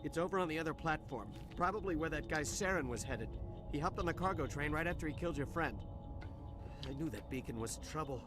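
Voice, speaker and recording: A man's voice: a little high, animated, a little fast, over music, natural voice. An actor playing a nervous male dock worker and smuggler who stammers and gets defensive. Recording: game audio with noise underneath.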